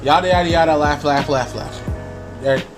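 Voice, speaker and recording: Man vlogger, casual rambling storyteller, slightly high voice, music bed behind. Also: normal speed. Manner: rambling, many fillers and restarts, chuckling. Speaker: YouTuber.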